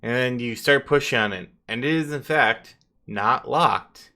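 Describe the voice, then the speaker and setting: A man's voice: medium pitch, unhurried, gravelly, background noise. A man running a tabletop game as game master, narrating loosely with chuckles and fillers.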